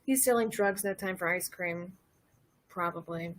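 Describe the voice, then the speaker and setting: A woman from Louisiana hosting a casual comedic monologue, rambling and cursing and laughing her way through dark topics. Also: lowish voice, measured pace, rough recording. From Louisiana, USA. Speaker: host.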